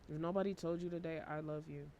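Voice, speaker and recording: Man, tarot reader, monotone, worn out, fairly high, gravelly, casual swearing. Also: fast talker, a little hiss or hum. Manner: flat, low-energy monotone with casual swearing. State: emotionally worn out. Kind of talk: casual tarot reading to camera.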